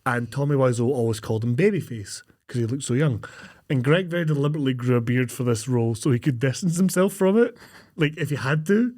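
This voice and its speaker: A man's voice: medium pitch, fast. A man, co-hosting a podcast, retelling a film scene by scene and acting out the characters' lines. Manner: animated storytelling, acting out lines. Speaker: podcast co-host. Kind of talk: casual chat recapping a film.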